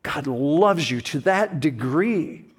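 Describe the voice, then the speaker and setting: Slow, emphatic male preacher. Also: on the high side, animated, breathy edge. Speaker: pastor. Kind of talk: sermon.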